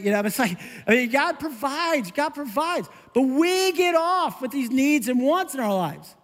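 A middle-aged male pastor preaching a conversational, animated sermon. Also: very high-pitched, unhurried, hardly any pauses, big-room sound. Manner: conversational, animated, self-interrupting with laughs.

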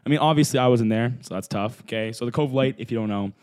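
A man's voice: medium pitch, fast talker, a little mellow, smooth. A man co-hosting a podcast, ranting in playful mock anger with slang and swearing during casual banter. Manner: mock-angry ranting, joking. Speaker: podcast co-host.

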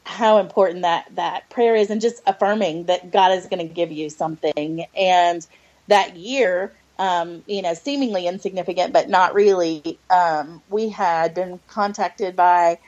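Close to tears, a middle-aged woman who is an adoptive mother gives a personal faith testimony as a podcast guest, earnest, hesitant and full of fillers. Her voice is on the low side, a little mellow and steady in tone, a little slow. The lo-fi recording sounds dull.

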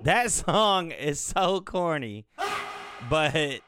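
A man's voice: a little high, big pitch swings, extremely slow, noisy background. A man hosting a podcast, talking in a loose, profane, rambling way as he thinks aloud. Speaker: podcast host. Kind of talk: casual rambling commentary.

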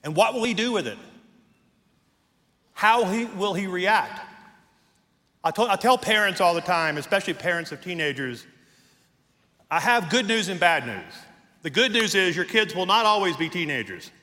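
Middle-aged male pastor, bright forceful tone, long church reverb; emphatic, joking sermon delivery. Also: high-pitched, lively intonation, normal speed, long pauses. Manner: emphatic preaching with rhetorical questions and light humor. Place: church sanctuary.

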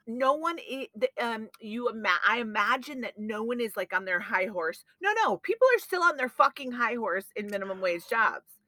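Co-host, woman, 40s, lively storyteller who swears freely; high, bright voice with close, dry sound. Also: normal speed, no echo. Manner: animated, profane storytelling with acted-out quotes. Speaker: podcast co-host. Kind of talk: casual chat.

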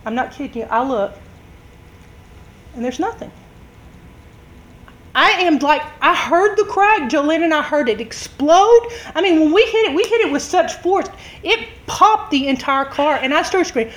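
A woman preaching a sermon, telling a story with lively drama and acted-out shouts. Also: high voice.

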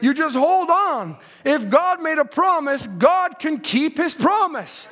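A male preacher delivering a sermon, swinging from shouted, singsong lines to quiet asides. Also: very high voice, big pitch swings, slow pace.

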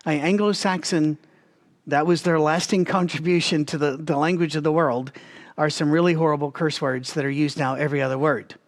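A man leading a Bible study, talking straight to his listeners in a conversational, animated way with frequent restarts. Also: on the high side, brisk.

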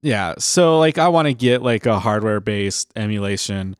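A man with a fairly low voice on a podcast, easygoing and quick to agree with short replies. He talks in a relaxed, casual way, and the close recording sounds dry. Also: smooth, no echo. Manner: relaxed, brief agreeing replies, laughs along. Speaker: podcast co-host. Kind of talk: casual chat.

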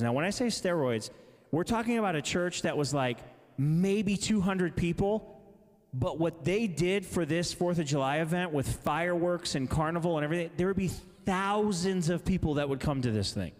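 A man's voice: on the high side, big-room sound. A man preaching at a conference, casual and chatty, with self-deprecating asides. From Massachusetts, raised in Indianapolis. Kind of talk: conference sermon with storytelling.

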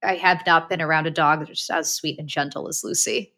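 A woman's voice: sits low, fairly even intonation, fairly quick, bright, forceful tone. A woman co-hosting a podcast, telling a story earnestly with many casual fillers.

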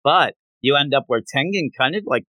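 Podcast co-host, male, animated recapper who acts out scenes; bright timbre, dry. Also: medium pitch, normal speed, no room sound. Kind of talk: casual manga discussion.

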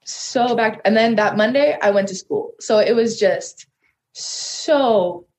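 A woman's voice: a little high, slow. Young woman guest with a slightly raised voice, candidly recounting a personal story in a loose, rambling way. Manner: earnest, rambling, heavy use of "like" and "so". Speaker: podcast guest.

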